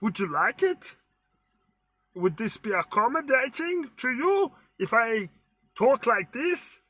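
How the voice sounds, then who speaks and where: A man putting on a silly, high, croaky frog-like voice, drawn out and wobbly. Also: very animated, takes it slowly, bright, forceful tone, exaggerated voice. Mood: playful.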